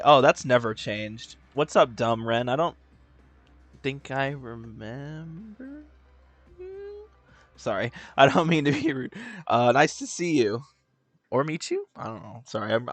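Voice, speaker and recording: A man's voice: mid-range voice, a bit bright. A young man live-streaming a video game, joking, swearing freely and chatting with his viewers. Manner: joking, profane, laughs a lot, talks to chat. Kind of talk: casual live-stream commentary.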